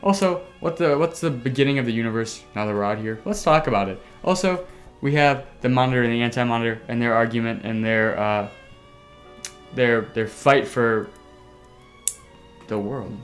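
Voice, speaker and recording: A man hosting a casual podcast, telling a story excitably with sound effects and the odd swear word. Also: mid-range voice, normal speed, soft background music. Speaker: podcast host.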